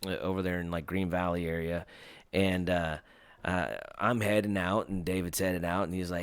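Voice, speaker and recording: A man's voice: low voice, moderate pace, clear, resonant tone, no room sound. A man hosting a casual podcast, rambling loosely with lots of hesitations. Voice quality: rambling, lots of fillers and restarts. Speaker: podcast host.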